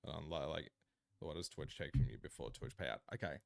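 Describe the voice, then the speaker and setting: This Australian streamer speaks a little fast in a gravelly voice while playing a game and chatting casually with viewers. He swears freely, going from low mutters to sudden loud outbursts.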